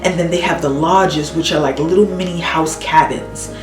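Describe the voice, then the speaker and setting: A woman's voice: deep voice, normal speed, reverberant, recorded from a distance, over music, poor audio. A woman telling a story casually, venting and acting out what people said while doing her makeup. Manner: animated, exasperated storytelling with acted-out quotes. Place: home room, doing makeup while talking.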